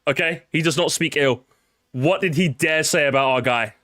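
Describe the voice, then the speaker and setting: A young man streaming casually, excitable and profane, talking straight to his chat. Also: on the high side, normal speed, no echo, clean studio sound. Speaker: streamer reacting to a video.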